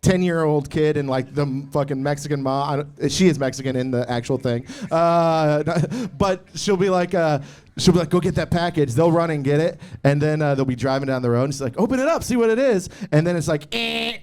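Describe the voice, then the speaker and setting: Male comedy podcast co-host, slightly high voice, loose rambling delivery. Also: a little fast, darkish tone. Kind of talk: live comedy podcast banter. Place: live festival stage with audience.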